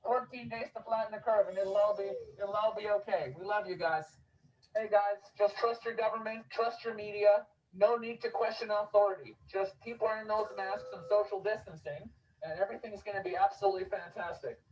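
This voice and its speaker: A fairly high-pitched man delivers a deadpan, sarcastic street monologue, repeating the same mock advice over and over. He is recorded outdoors on a city street, sounding distant from the camera with a faint hiss of street noise behind him. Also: brisk, muffled recording. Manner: deadpan sarcastic, repetitive exhortations. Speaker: street comedian.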